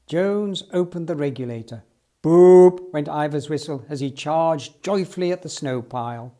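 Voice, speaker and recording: A man reading a children's storybook aloud in an expressive storytelling manner. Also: on the high side, measured pace. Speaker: storybook reader.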